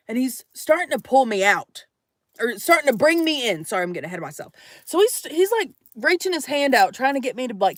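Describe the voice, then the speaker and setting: A young woman telling a story to her camera from inside her minivan, jumping between loud acted quotes and hushed asides. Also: on the high side, animated, fairly quick, no room sound, clean studio sound. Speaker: vlogger.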